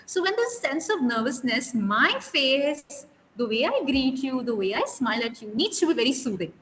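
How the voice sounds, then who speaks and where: With big pitch swings in her high-pitched voice and a normal pace, a soft skills trainer teaches interview skills in a live online class. She asks her students questions and stresses key words, while the echoey room adds long reverb and faint hiss.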